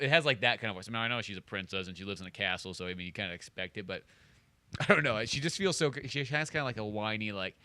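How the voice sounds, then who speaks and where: A man's voice: mid-range voice, fast talker, pushed and bright, no room sound. A man co-hosting a podcast, chatting casually in a crude, joking, sweary way. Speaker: podcast co-host. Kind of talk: casual chat.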